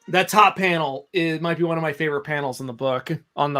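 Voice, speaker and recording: A man's voice: on the high side, fast, bright, forceful tone, soft background music. Male comic artist, loose and rambling, self-deprecating livestream chatter. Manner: rambling, self-mocking, trailing off. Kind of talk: casual livestream chat.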